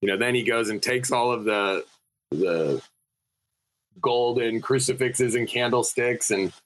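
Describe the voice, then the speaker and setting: A man who is a podcast guest speaks as an animated storyteller with a spiritual bent, full of "you know" and "like." His voice sits at an ordinary middle pitch. A faint background noise runs under his words. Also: a little slow, poor audio. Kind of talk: casual conversation.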